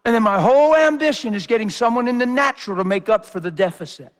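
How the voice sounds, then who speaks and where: A man's voice: very high voice, quick pace. A man preacher giving a sermon, talking in an emphatic, intense way.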